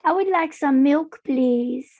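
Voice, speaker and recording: A woman's voice: sits high, slow pace, no room sound, highs cut off. A woman player role-playing in character at a tabletop game, polite and prim.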